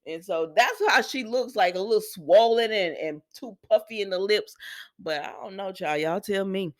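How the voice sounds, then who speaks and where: A woman's voice: medium pitch, normal speed. A woman giving a casual, chatty soap opera recap, storytelling with lots of asides and quoted dialogue.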